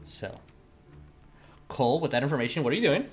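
A man narrating as the game master of a tabletop game, in a slow, halting way with many fillers. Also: mid-range voice, big pitch swings, soft background music. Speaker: dungeon master.

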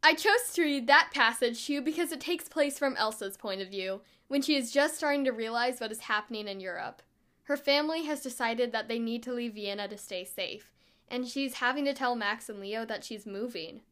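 A woman hosts her own book-review show with bright, expressive enthusiasm. Her voice sits higher than most. She reads a passage aloud and then talks it over. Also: moderate pace.

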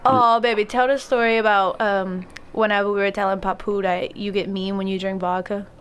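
A woman's voice: mid-range voice, flat delivery, fairly quick, a little hiss or hum. A woman, chatting casually as a podcast co-host, laughing often and swearing freely. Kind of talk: casual chat.

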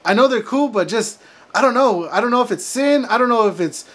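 Very high-voiced preachy man. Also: animated, a little fast, fairly bright tone. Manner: emphatic, ranting, preacher-like. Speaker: Christian faith vlogger. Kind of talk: preachy motivational monologue.

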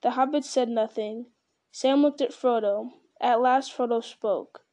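A woman reading a novel aloud in a steady, plain storytelling manner. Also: fairly high pitch, unhurried. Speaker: reader.

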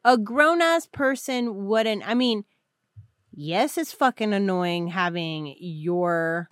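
Female podcast co-host who is slow-spoken and teasing, with a lively pitch and a dry close sound. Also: no echo. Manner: teasing, reactive, wry asides. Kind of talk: casual chat.

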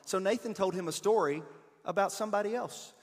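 A man's voice: high-pitched, fairly quick. Man preaching in a reverberant hall. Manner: conversational, animated, swings between emphatic and hushed. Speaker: pastor. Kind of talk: sermon.

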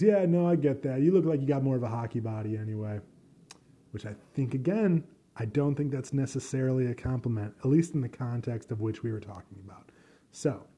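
A man's voice: lowish voice, dark tone, husky. A young man hosting a solo podcast, rambling casually in a self-deprecating way and swearing often.

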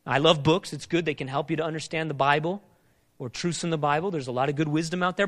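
Preaching at a quick pace in a fairly high voice, a male pastor poses forceful questions again and again. His sermon alternates between urgent, loud sections and softer, thoughtful talk.

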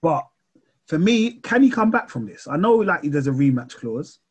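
A young man argues over sport in casual, slangy banter. His voice sits a little high and has a husky grain. He talks like a host chatting with friends. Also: sing-song, normal speed. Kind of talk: casual chat.

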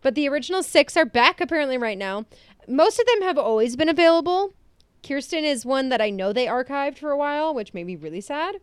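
A young woman co-hosting a podcast, chatting casually and getting excited, laughing often. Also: high-pitched, brisk, dry recording, clean studio sound. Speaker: podcast co-host. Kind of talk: casual chat.

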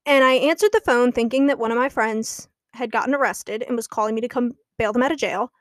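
A woman's voice: on the high side, a little fast, no echo, clean studio sound. A young woman hosting her own podcast, chatting casually and gossiping, often laughing as she talks. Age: young adult. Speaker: podcast host. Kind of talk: casual chat.

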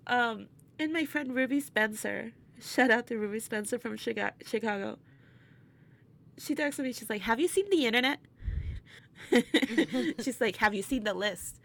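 A woman guest in a casual interview, telling a story in an animated way, laughing often and acting out what people said. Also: on the high side, unhurried, creaky. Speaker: interview guest, burlesque performer.

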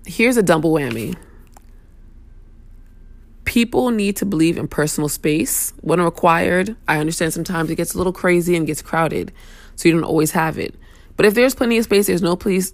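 A woman's voice: fairly low pitch, brisk, dry recording. A young woman hosting a casual talk show, venting bluntly and sassily with plenty of profanity. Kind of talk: casual opinion rant.

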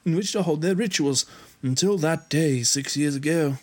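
A man's voice: fairly high pitch, moderate pace, voice pushed up, close to an everyday voice. A man voicing a posh, serious young man while reading game dialogue aloud. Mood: earnest.

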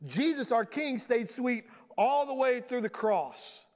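A man preaching a sermon from a church stage in a lively storytelling way, often acting out the voices of the people he quotes. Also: extremely high pitch, slow. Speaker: pastor. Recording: long reverb of a large hall.

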